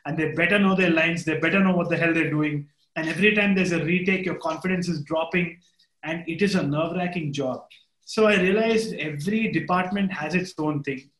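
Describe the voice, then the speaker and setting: Man, Indian English accent, 30s, casual guest chat, animated and swearing, echoey room. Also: on the high side, brisk, hardly any pauses. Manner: animated storytelling, swears casually, quotes others. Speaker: interview guest, film director.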